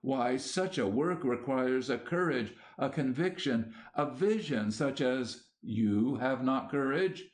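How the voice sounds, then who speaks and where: A man's voice: medium pitch, expressive, slow pace, few pauses. A man doing a pleading, troubled younger man. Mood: earnest. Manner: urgent and pleading.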